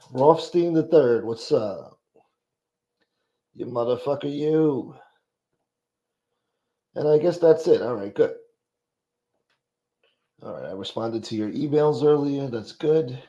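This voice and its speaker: A man's voice: medium pitch, expressive, takes it slowly, pauses often, dark tone, highs cut off. A man hosting a livestream, greeting chatters by name in a profane, joking, casual way. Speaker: livestream host.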